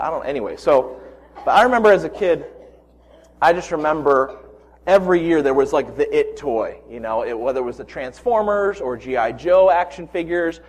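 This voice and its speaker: A man in his forties preaching a sermon, telling personal stories with animated quoted voices. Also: on the high side, moderate pace. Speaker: pastor.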